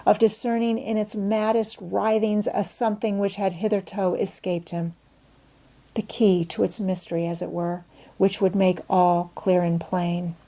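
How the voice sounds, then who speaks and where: With a medium-pitched voice, a woman narrates a classic novel for an audiobook. Her storytelling is expressive yet measured.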